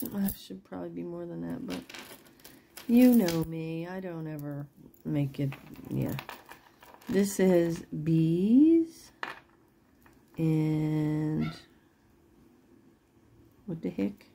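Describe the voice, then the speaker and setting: A middle-aged woman chats her way through a jewelry sale in an unhurried, low voice. Her tone is mellow and soft-edged, and she laughs often as she rambles. A faint hiss sits under the recording. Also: expressive, creaky. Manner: chatty and rambling, laughs often, swears then apologizes. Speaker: online jewelry seller. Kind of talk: casual live-sale chat.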